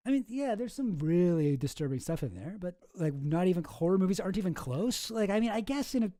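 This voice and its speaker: A man's voice: high voice, big pitch swings, brisk, dark tone, no room sound. A man hosting a casual livestream, reacting to clips in a sarcastic, incredulous, rambling way. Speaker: streamer host.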